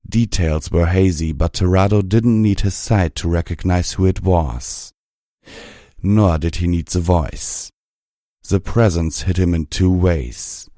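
A man reading fan fiction aloud in a measured, even storytelling manner. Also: deep voice, no echo, clean studio sound. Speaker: audiobook reader.

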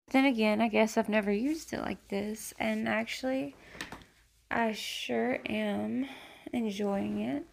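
A woman making an intimate adult audio role-play, talking slowly and teasingly to the listener. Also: mid-range voice, gravelly. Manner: slow, teasing, flirtatious talk addressed to the listener. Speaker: erotic audio creator.

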